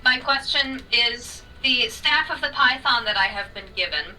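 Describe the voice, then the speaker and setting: A woman's voice: a little high, moderate pace, bright, forceful tone, recorded from a distance, a little hiss or hum, low-quality recording. A woman playing a tabletop game remotely, asking careful questions. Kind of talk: casual chat at a game table.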